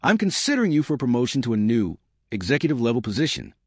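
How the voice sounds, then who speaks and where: A man voicing a stern, calculating middle-aged boss who speaks in measured, pointed phrases. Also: medium pitch, big pitch swings, dry recording, clean studio sound.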